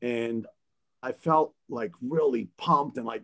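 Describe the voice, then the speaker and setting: A man from the Boston area who spins stories on a podcast panel. He is animated, laughs often and acts out the voices of people in his anecdotes, with an easy, conversational flow. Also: medium pitch, normal speed, gravelly. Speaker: guest DJ. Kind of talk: casual storytelling on a panel.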